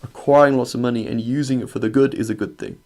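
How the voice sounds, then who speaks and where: A man's voice: mid-range voice, fairly even intonation, quick pace, a little mellow. A male religious teacher giving a conversational lesson. He reads classical Arabic passages, translates and explains them, and keeps checking in with "right?". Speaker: Islamic teacher.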